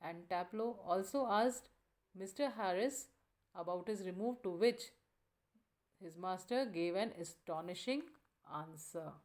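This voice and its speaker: Woman teacher going thru a play scene, kinda low voice, pauses a lot. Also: a little mellow. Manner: reads quoted lines aloud, with pauses and fillers. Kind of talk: explaining a play scene in a lesson.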